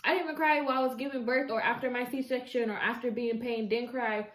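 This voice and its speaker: A woman telling a story casually while eating on camera at home, chatty and expressive, with slangy asides to her viewers. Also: a little high, quick pace. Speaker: mukbang vlogger. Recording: echoey room.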